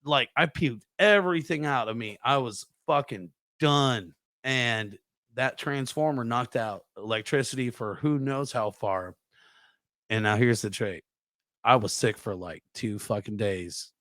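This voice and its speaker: A young adult man telling a profane, animated story on a podcast, acting out sound effects as he goes. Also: medium pitch, unhurried, no echo, clean studio sound. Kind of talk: casual storytelling.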